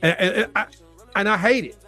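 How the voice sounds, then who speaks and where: Man, sports talk host, very high voice, heated rant, repeats himself for emphasis, faint music underneath. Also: fairly quick. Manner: fired-up, animated, repetitive emphasis.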